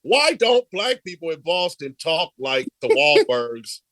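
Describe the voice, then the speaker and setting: A man co-hosting a casual sports debate show, animated and quick to laugh, firing off provocative questions. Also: fairly high pitch, dry recording. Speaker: co-host.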